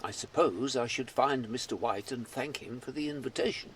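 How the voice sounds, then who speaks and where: A man voicing a calm game inspector. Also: mid-range voice, moderate pace, far from the mic, a crowd in the background, close to an everyday voice. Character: calm male inspector at a murder party. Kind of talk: game dialogue.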